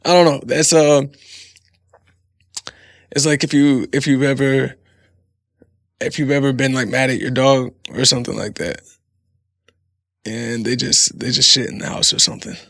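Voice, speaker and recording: A man's voice: mid-range voice, fairly even intonation, moderate pace, vocal fry, pauses often, fairly bright tone, no echo, clean studio sound. A man in his thirties hosting a casual solo podcast, rambling and swearing freely with frequent laughs. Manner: profane, laughing, rambling storyteller. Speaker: podcast host.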